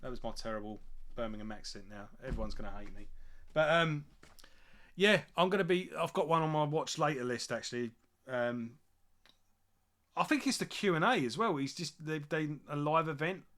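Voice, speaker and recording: A man's voice: a little high, lively intonation, moderate pace, fairly bright tone. A man hosting a music channel, chatting casually and enthusiastically with lots of fillers and restarts. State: drinking beer. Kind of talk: casual chat.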